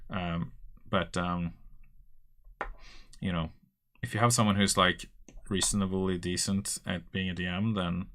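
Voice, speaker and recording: Deep-voiced man in a bright, rambling chat. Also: level tone, a little slow, pauses often. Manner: rambling, loose, many fillers. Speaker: host. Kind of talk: casual chat.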